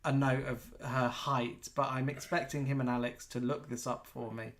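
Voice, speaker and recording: A man's voice: mid-range voice, little pitch movement, normal speed. A man co-hosting a live chat show, rambling and giggly in casual talk.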